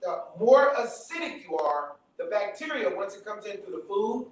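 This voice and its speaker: A man's voice: sits high, sing-song, moderate pace. A man giving a live lecture to a room audience, emphatic, repeating his points and checking in with the listeners. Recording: very echoey room, mic from far off.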